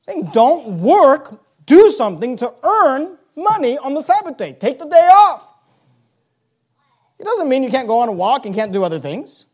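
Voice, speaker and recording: A male preacher with a high-pitched voice delivers a sermon. He presses his points loudly and then drops low and quiet for asides. He also reads scripture aloud in old-fashioned wording. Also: big pitch swings, normal speed. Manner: emphatic, swings from loud urgent points to low quiet asides.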